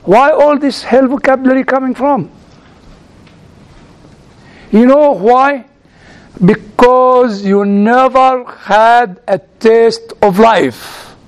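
A man from outside the United States delivers a sermon through personal stories, halting and repeating words as he searches for them, with chuckling asides. His voice is extremely high-pitched.

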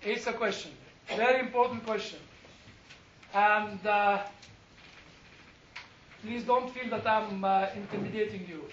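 His voice is high-pitched and a bit slow, broken by long pauses, as he animatedly questions his church Bible class and pokes fun at himself. The recording has slight background noise and comes from a distant, echoey mic that's a little dull.

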